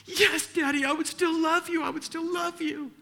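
Man imitating a tearful little girl, high childish voice, crisp bright tone. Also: steady tone, moderate pace, exaggerated voice. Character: tearful four-year-old girl caught lying.

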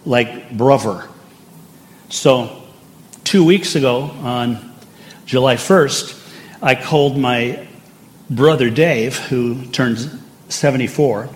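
An older man preaching a sermon, telling stories in a conversational way with side remarks. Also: mid-range voice. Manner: conversational and anecdotal, with asides. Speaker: pastor.

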